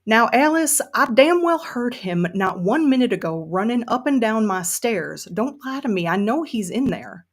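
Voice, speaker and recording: A woman's voice: fairly high pitch, animated, moderate pace, few pauses, pitched above the performer's own voice. A woman reading aloud from her novel and voicing an exasperated woman in a Southern US accent, insistent and scolding. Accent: Southern US, put on.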